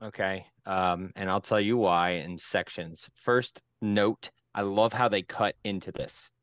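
A man co-hosts a podcast, chatting casually and sharing his reactions through emotional, enthusiastic storytelling. His deep voice is steady and a bit bright, and he speaks at a measured pace. The recording is dry and slightly dull, with no echo.

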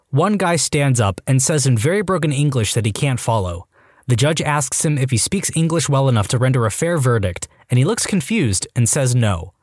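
A man reading out online stories as a scripted narration, with a lively storytelling delivery. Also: mid-range voice, no echo, studio quality.

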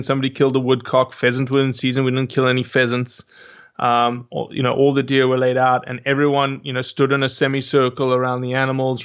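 A man's voice: mid-range voice, fairly bright tone, clear, resonant tone, muffled recording. A man with a South African accent, talking as a guest in a casual conversation and often stopping to search for his words. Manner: slow, searching for words, many restarts. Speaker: guest hunter.

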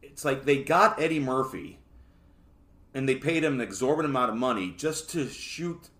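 Man, solo podcast host, casual rambling talk, middle pitch. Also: moderate pace, a bit bright. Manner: casual, rambling, joking asides. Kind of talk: solo podcast book review.

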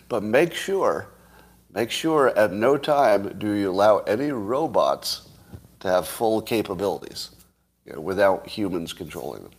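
A man in his fifties or older, hosting his show in a casual monologue, playfully boastful and hyperbolic, moving deliberately between a calm, soothing tone and a worked-up one. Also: on the low side, husky. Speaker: show host.

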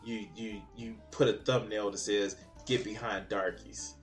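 A man's voice: lowish voice, steady tone, a little slow, faint music behind. A man commenting on a video clip, mocking and exasperated, swearing often. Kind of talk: profane reaction commentary.

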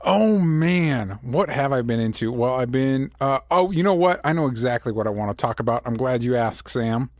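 A young man co-hosting a casual podcast, throwing in dry, deadpan quips. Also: mid-range voice, moderate pace, hardly any pauses, no room sound. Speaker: podcast co-host.

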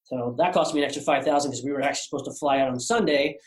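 A man's voice: mid-range voice, racing. Rambling man in a roomy space. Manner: rambling, many fillers and restarts. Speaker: artist guest. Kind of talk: podcast interview storytelling. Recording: roomy echo.

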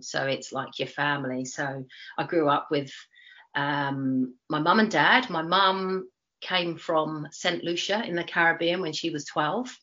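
A woman's voice: sits low, pushed and bright. A woman in her forties with a Cockney accent, chatting as an interview guest and telling her story with lots of fillers and restarts. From East London, England. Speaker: interview guest, retired Olympic runner. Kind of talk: casual chat. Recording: dull lo-fi sound.

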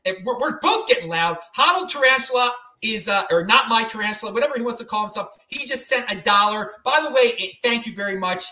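A loud, excitable male show host who rants freely, his voice bright and lively as it swings up and down. He is heard in a noticeably roomy, echoing space. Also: very high-pitched, fairly quick, hardly any pauses, far from the mic. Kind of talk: live-stream panel chat. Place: home studio in Salt Lake City. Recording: roomy echo.

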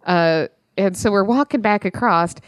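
A middle-aged woman co-hosting a podcast, telling stories with energy and jumping into higher voices when she quotes people. Her voice sits at an ordinary middle pitch. The recording is dry and close, with no room sound. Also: moderate pace, no room sound. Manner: animated storyteller, acts out quotes in high voices. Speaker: podcast co-host. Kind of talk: casual chat.

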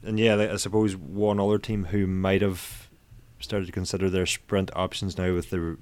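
A man's voice: deep voice, level tone, moderate pace, a little mellow, no echo. A man co-hosting a podcast over a call, talking through the race in an easygoing, tentative way. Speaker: podcast co-host. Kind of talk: casual cycling race analysis.

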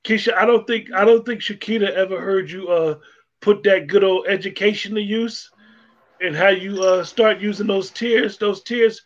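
A man hosting a casual chat show, halting and full of fillers as he jumps in. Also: high-pitched, steady tone, lo-fi sound.

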